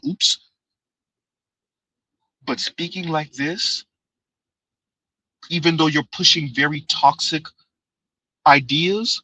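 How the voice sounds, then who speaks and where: A man putting on a soft, prim, condescending talker. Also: fairly high pitch, no room sound, low-quality recording. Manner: quiet, over-enunciated mock-calm. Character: soft-spoken, prim, condescending male commentator.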